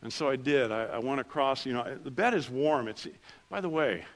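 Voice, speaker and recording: A middle-aged man preaching a sermon in church, telling personal stories with self-deprecating humor and dropping soft and low for quiet moments. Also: animated, normal speed. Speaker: pastor.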